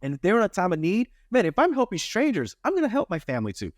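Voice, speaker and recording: A man's voice: high voice, huge pitch swings, fast talker, dry recording, clean studio sound. A man in his thirties hosting a podcast interview, talking earnestly and preaching a little, tagging his points with "right?". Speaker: podcast host. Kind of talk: casual interview chat.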